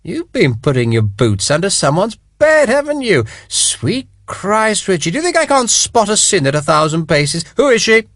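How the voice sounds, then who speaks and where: A man's voice: sits high, sing-song, normal speed, few pauses, fairly bright tone, no room sound, studio quality, voice pushed up, exaggerated voice. A man reading an audiobook, voicing a mocking, rakish aristocratic British officer in a raised, theatrical voice. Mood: boisterous teasing. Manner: teasing, theatrical, bellowing. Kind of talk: audiobook character voice.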